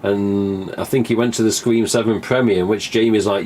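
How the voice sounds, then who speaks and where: A man's voice: on the low side, fairly even intonation, moderate pace, a little mellow, slight background noise. A man, hosting a live stream in a rambling, casual monologue, swearing freely and acting out remembered conversations. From England. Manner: chatty, swears casually, acts out remembered dialogue.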